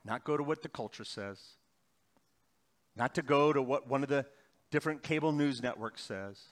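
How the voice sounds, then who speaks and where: The sermon comes from a middle-aged male pastor whose voice sits in the mid range; he shifts between emphatic loud outbursts and quiet, slowly paced passages.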